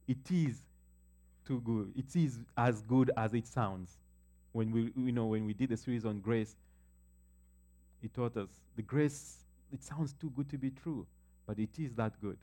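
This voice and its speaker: A man preaching a sermon as pastor, building emphasis and slowing down to read scripture aloud. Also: medium pitch, dark tone.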